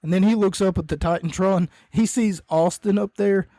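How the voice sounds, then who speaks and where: A man's voice: sits high, moderate pace, dark tone, no room sound, clean studio sound. A man hosting a podcast, casually recapping wrestling in a rambling way, often correcting himself and coughing between points. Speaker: podcast host.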